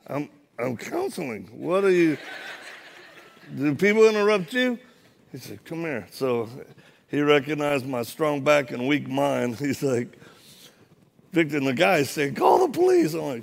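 A man's voice: medium pitch, creaky. A man, a former Marine, preaching a sermon in a church, telling a funny story with acted-out dialogue. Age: adult, former Marine. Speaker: guest preacher. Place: church, live audience.

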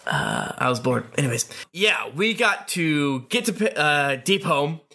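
A man chatting at a tabletop game session with a bright tone. He jokes and swears offhandedly with his friends. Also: fairly high pitch, wildly swooping pitch, measured pace, gravelly. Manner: joking, swears freely, offhand. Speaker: player. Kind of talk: casual banter during a tabletop game.

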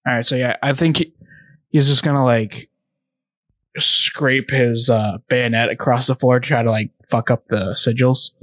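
A man's voice: medium pitch, fairly even intonation, unhurried, a bit bright, dry recording. A young man playing a tabletop game, asking hesitant questions with many fillers. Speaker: player. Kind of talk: casual tabletop game chat.

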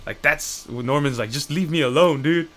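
A man's voice: a little high, moderate pace, a bit bright. A man in casual chat, rambling and swearing as he retells comic storylines and acts out the characters' lines.

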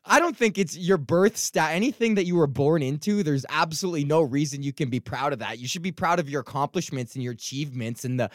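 An expressive, slightly high-voiced comic from Edmonton, Canada rants quickly with few pauses on his solo podcast. It's profane and rambling, heavy on swearing, restarts and fillers, and the recording is dry and studio quality.

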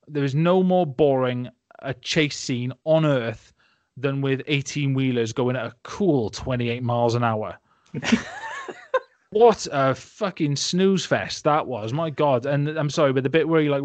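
A man's voice: medium pitch, measured pace, no echo. A young man in a casual film-review chat, rambling and sarcastic, often laughing and putting on silly voices. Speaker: podcast host.

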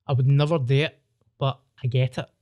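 A Scottish man with a Glaswegian accent, hosting a podcast and telling a wild story in an animated, sweary way, acting out voices. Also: medium pitch, fairly quick. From Scotland. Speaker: podcast host. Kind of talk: casual storytelling chat.

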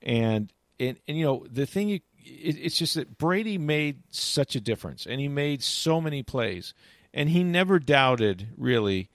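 A man chats casually about sports in a medium-pitched voice with big pitch swings, taking his time. He rambles, restarts a lot, says "you know" often, and relives game moments with animation. There's no echo.

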